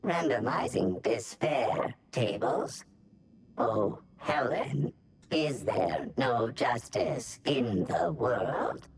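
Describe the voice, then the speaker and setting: A man's voice: medium pitch, very animated, extremely slow, a little hiss or hum, full character voice. A man voicing a theatrical male robot actor in a video game, with a stiff, mechanical, announcing delivery. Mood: mock grief.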